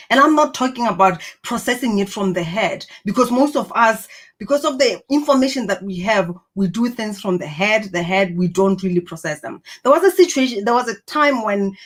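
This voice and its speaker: A woman's voice: mid-range voice, lively intonation, brisk. A woman giving an earnest, encouraging motivational talk to camera, reflecting on personality and purpose. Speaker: personal growth speaker.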